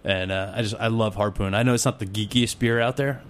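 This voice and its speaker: A man's voice: lowish voice, fairly even intonation, brisk. A man from New England, a guest on a radio show, talking casually and enthusiastically. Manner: easygoing, enthusiastic. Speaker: guest craft brewer.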